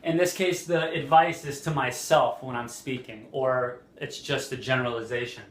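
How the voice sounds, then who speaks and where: A man teaching an English lesson, speaking deliberately and repeating example phrases, with frequent fillers. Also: medium pitch, fairly even intonation, reverberant. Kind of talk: slow, clear language lesson.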